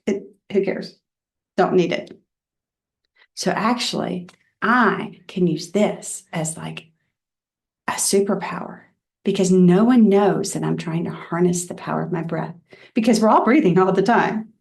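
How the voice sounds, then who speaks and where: A woman reverend giving a personal Dharma talk in a candid, reflective storytelling way. She often drops soft and quiet. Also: lowish voice, moderate pace, vocal fry.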